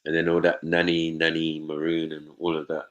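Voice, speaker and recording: Here the panel host, a young man of Nigerian background, has a bass voice that stays monotone at normal speed, and the sound is lo-fi. In this casual chat he swears freely, talks loosely and drops into imitated voices.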